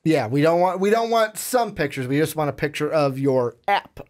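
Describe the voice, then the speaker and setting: Rambling, quick-laughing podcast man. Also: a little high. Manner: rambling, laughs easily, trips over words. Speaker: podcast co-host. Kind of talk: casual sports podcast chat.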